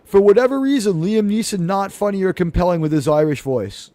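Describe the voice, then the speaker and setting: A man's voice: high voice, expressive, a little fast, dark tone, dry recording. A man hosting a casual podcast panel, talking in a rambling, sarcastic way with mocking asides. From United States.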